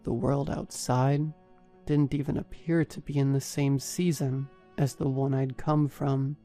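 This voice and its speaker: A man narrating a first-person horror story in a steady, even storytelling manner. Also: mid-range voice, unhurried, faint music behind. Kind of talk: scripted narration.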